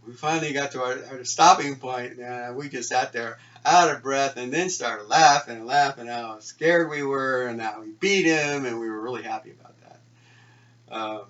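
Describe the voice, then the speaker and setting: Bright-voiced man telling a story, heard from afar. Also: medium pitch, normal speed. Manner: conversational, lots of fillers, acts out the dialogue. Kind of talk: live personal storytelling. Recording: dull sound from a mic at a distance.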